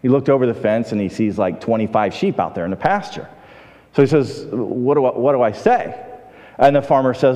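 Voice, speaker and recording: A man's voice: mid-range voice, fairly quick, warm tone. A man preaching a sermon in a church, talking with the congregation and acting out the voices in his stories. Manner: conversational, asks the congregation questions; acts out quoted voices in the stories. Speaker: pastor. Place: church sanctuary. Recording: long reverb of a large hall.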